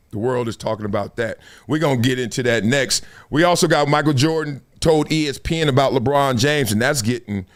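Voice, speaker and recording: A man hosting a casual live-stream commentary show, animated and often laughing as he mocks the people he talks about. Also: mid-range voice. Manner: animated, laughing, mocking impressions. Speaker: host.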